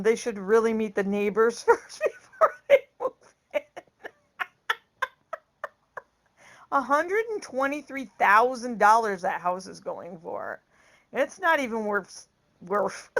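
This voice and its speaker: A woman's voice: a little high, a bit bright. A woman vlogger telling a casual story, laughing often and acting out the lines she quotes.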